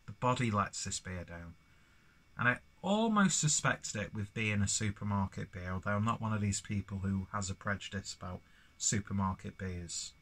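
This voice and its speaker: A man talks through a beer review in a loose, rambling way. His voice sits a little low. He swears freely and keeps mocking his own tangents. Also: expressive, normal speed, fairly bright tone. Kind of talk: casual beer review vlog.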